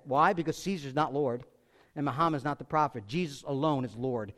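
A man preaching a sermon, emphatic and repetitive, swinging from forceful peaks to quiet asides, with casual fillers like "like" and "you know". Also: mid-range voice, a little fast. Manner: emphatic, repeats phrases, rises to forceful peaks then drops quiet. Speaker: pastor.

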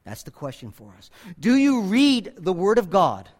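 High-pitched preaching man, dynamic delivery. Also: huge pitch swings, normal speed. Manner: dynamic preaching, swinging between loud emphatic peaks and quiet asides. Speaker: pastor. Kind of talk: sermon. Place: church.

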